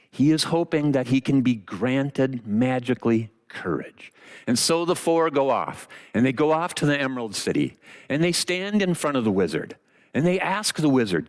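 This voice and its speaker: A man preaching a sermon, retelling a story with dramatic pauses and expressive delivery. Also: mid-range voice.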